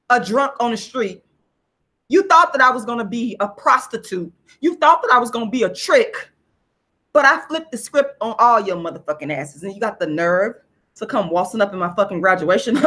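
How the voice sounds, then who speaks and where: A woman's voice: a little high, bright, forceful tone. A woman, ranting on a casual livestream vlog, blunt and profane as she tells a story. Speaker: vlogger.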